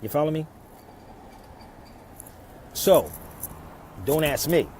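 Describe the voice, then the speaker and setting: A man talking casually to his live stream viewers from outside in his old neighborhood, preaching, firing off rhetorical questions and swinging between loud and soft. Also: fairly high pitch, animated, takes it slowly, slight background noise, poor audio. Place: outdoors in a city neighborhood.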